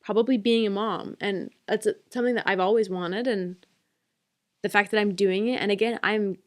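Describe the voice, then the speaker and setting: Young mom, heartfelt podcast chat. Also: female voice, medium pitch, fairly even intonation, moderate pace. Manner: heartfelt, reflective. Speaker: podcast co-host. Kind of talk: casual chat.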